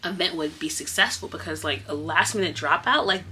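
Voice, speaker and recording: A woman who teaches kindergarten tells a story in a casual, animated vlog and speaks straight to her viewers. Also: brisk, husky. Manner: animated, emotional retelling with big swings in pitch; casual, addresses viewers as y'all.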